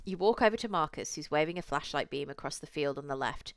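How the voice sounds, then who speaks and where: A woman's voice: sits low, animated, fast, hardly any pauses, no room sound. A young woman streamer reading a visual novel aloud, with chatty, cursing asides to her chat.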